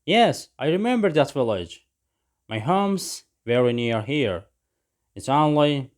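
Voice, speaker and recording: A man voicing a small, gentle male parrot who is lost and homesick, speaking in a lightly raised, earnest voice. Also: medium pitch, expressive, takes it slowly, voice pushed up. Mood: anxious.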